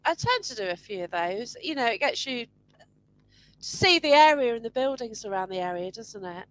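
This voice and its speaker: Slightly high woman host. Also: animated, moderate pace, poor audio. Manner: warm asides, hesitant restarts. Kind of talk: casual interview chat.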